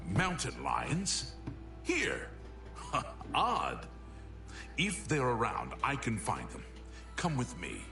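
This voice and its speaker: A slow, bright-toned hunter. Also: male voice, medium pitch, exaggerated voice. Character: male hunter and woodsman, calm and confident. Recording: roomy, distant game audio with music.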